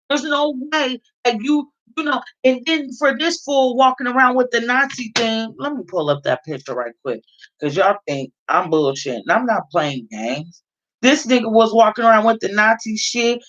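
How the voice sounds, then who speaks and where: A woman's voice: on the high side, fairly bright tone, highs cut off. A woman from California giving a blunt, heavily profane commentary rant and repeating her points for emphasis. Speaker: vlogger.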